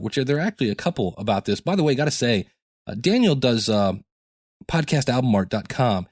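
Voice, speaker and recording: A man's voice: mid-range voice, expressive, brisk, a little mellow, dry recording, studio quality. A man hosting his own podcast, talking casually and rambling with jokey asides, tired from lack of sleep. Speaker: podcast host. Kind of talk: casual solo podcast talk.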